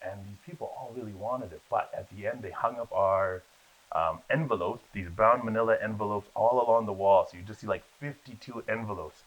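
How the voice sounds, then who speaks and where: Low-voiced man telling animated stories. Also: fairly quick, husky. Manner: animated storyteller, acts out voices in his anecdotes. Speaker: guest, actor. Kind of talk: storytelling in a casual interview. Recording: dull lo-fi sound.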